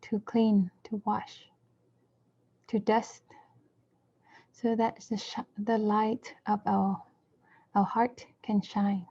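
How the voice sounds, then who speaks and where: A woman interpreting a dharma talk, speaking in measured short phrases and now and then correcting herself mid-word. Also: mid-range voice, level tone, mellow, husky. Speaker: interpreter for a Buddhist teacher. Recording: dull lo-fi recording.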